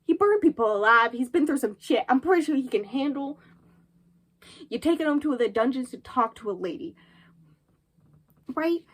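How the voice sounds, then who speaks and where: High-voiced woman rambling about a book. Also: moderate pace, pauses often, slightly rough. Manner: rambling, animated retelling with many fillers. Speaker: book reviewer. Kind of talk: casual book review vlog.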